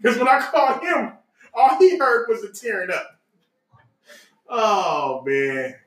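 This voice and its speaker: A man's voice: sits high, expressive, takes it slowly, fairly bright tone. A man hosting a podcast, telling a family story in a loose, laughing way with casual grammar. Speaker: podcast host. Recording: echoey room, mic at a distance.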